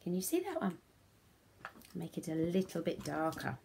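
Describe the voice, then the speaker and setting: A woman's voice: fairly low pitch, big pitch swings, normal speed, vocal fry, darkish tone, a little hiss or hum. A woman teaching a phonics lesson to young children, speaking in a sing-song, encouraging way that often drops to a whisper.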